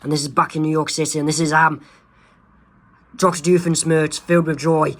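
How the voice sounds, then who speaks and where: A man, host of his own channel, reading his homemade comic aloud, halting with fillers and self-corrections. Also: fairly high pitch, level tone, sharp tone.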